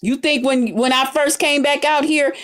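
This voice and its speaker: A woman's voice: high-pitched, steady tone, normal speed, fairly bright tone. Furious profane woman ranting on stream. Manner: angry, profane, confrontational. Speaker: streamer addressing her viewers. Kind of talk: heated livestream rant.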